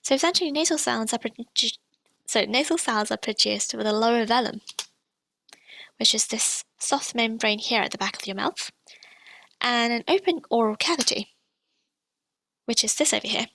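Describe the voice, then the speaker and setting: A woman teaching pronunciation, explaining sounds clearly and repeating each example slowly. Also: fairly high pitch, fairly bright tone, no echo. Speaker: language teacher.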